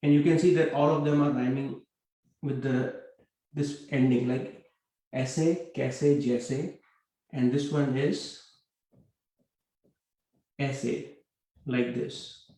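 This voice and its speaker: A man's voice: medium pitch, fairly even intonation, takes it slowly, long pauses, mellow, echoey room, poor audio. A man teaching a language class over a video call, talking with many fillers and putting questions to his students. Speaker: Hindi teacher.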